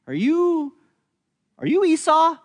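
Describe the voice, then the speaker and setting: A man puts on a very high, exaggerated voice, pitched above his natural range, with wildly swooping pitch and a slow delivery. He's playing an old blind father who sounds hesitant, questioning and confused.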